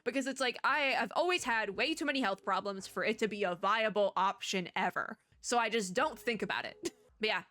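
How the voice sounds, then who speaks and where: Bright-voiced woman chatting over a game. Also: medium pitch, brisk, no room sound. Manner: chatty, rambling asides with frequent laughs. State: strained throat. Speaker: streamer playing a story game. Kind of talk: casual gameplay commentary and reading aloud.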